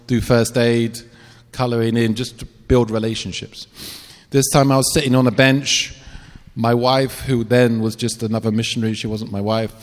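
Brief: man, missionary preacher, earnest testimony, reverberant hall. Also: medium pitch. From England. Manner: storytelling, earnest, with self-deprecating asides. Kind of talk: personal testimony sermon.

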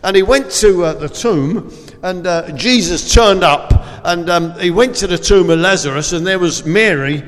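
A man's voice: sits high, normal speed, few pauses, fairly bright tone. A man giving an informal school assembly talk, rambling and chatty with lots of fillers, and reading aloud from the Bible. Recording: long hall reverb.

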